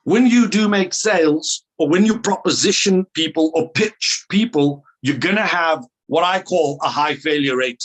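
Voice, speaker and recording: A man's voice: fairly high pitch, moderate pace, few pauses. Upbeat South African man on a video call. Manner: playful, upbeat, chatty banter with attendees. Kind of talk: online training call.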